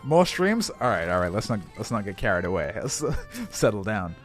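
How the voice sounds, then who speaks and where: Excitable swearing male streamer. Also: lowish voice, moderate pace, soft background music. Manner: excitable, swearing, laughing often. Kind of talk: casual live-stream commentary.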